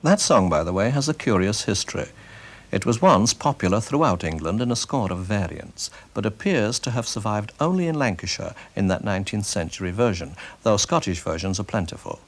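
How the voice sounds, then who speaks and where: A man presenting a radio programme in measured, critical scripted narration. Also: lowish voice, lively intonation.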